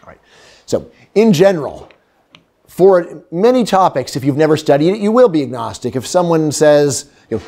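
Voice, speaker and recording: A middle-aged man lectures on economics with a slightly high voice in a lecture hall. He is animated and humorous and acts out little quotes. Now and then he drops to a near hush. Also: a little fast. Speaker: economics professor giving a lecture. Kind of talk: lively university lecture.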